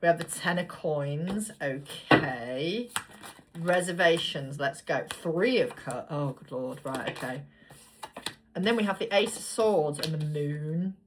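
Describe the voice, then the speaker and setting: A woman's voice: low-pitched, takes it slowly, noisy background. A woman giving a casual tarot reading to viewers, chatty and blunt, swearing freely as she draws cards. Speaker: tarot reader.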